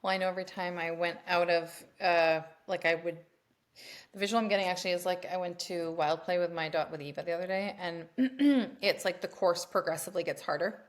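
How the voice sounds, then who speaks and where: A woman's voice: lowish voice, fairly quick. A woman co-hosting a podcast, telling a story in casual chat, acting out quoted voices and swearing freely. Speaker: podcast co-host.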